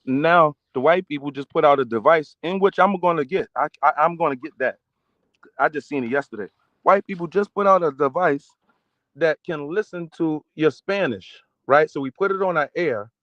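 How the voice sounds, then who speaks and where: A man's voice: mid-range voice, dry recording, dull audio. A man in a casual livestream rant, reading viewer comments and hammering each point with repeated "okay?" and "right?". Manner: emphatic, repetitive, keeps asking "okay?".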